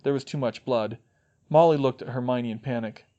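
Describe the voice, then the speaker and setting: A man reading fan fiction aloud as an audiobook narrator, expressive in delivery. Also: mid-range voice, normal speed, lo-fi sound. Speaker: audiobook reader.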